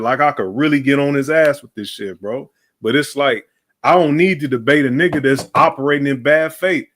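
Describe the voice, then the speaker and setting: A man in the middle of a heated, casual rant on his livestream, talking straight into a streaming mic. His voice sits at an ordinary mid pitch, and he sounds blunt, dismissive and full of profanity. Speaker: livestream host.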